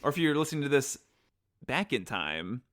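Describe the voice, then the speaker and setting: Man, podcast co-host, joking banter, lively pitch, bright tone. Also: normal speed. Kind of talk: casual podcast chat.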